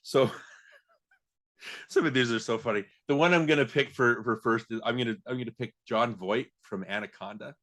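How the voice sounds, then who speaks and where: Man, podcast host, casual chat, animated, laughs often. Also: mid-range voice, normal speed. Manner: animated, laughs often, acts out movie lines.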